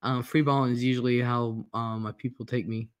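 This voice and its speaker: A man's voice: medium pitch, level tone, fairly quick, clean tone, lo-fi sound. A man hosting a casual livestream, greeting chatters by name and reading their comments out in a laid-back, rambling way. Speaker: livestream host. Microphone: headphones and computer mic.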